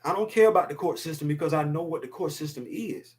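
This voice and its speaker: Man, 50s, talk show host, emphatic, preachy, repeats himself, slightly high pitch. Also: fast talker, darkish tone. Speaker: podcast host. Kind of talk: casual opinion talk.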